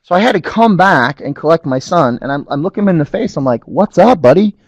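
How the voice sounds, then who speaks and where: Speaking quickly in a voice on the high side, a middle-aged webinar presenter shares a family story for a business audience, frequently asking if it makes sense and seeking their agreement. The recording is dry.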